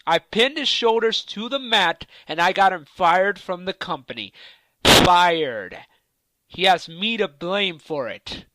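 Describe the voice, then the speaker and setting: A man's voice: high-pitched, expressive, a little slow, few pauses, pushed and bright, no echo. A man cutting a trash-talking wrestling promo in a cocky, taunting, profane manner.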